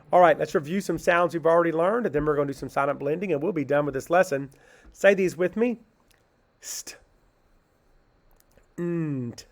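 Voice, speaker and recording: A man's voice: on the high side, vocal fry. A man teaching a phonics lesson to children, asking a question and answering it himself, then sounding words out syllable by syllable. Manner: slow, patient, asks questions and answers them himself.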